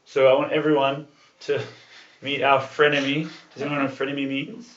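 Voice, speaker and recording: A man's voice: mid-range voice, flat delivery, normal speed, a bit bright. Chatty man speaking to a group. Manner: loose and chatty, with many fillers and the odd swear. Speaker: club talk presenter. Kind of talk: casual talk to a small group. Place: room with a group of listeners. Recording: echoey room, far from the mic, dull sound.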